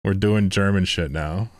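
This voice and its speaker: A man with a very low voice streams a game and chats loosely with his viewers. He rambles, swears freely and laughs often. The sound is close and dry, with no room around it. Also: normal speed, no room sound. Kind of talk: casual live-stream chat while gaming.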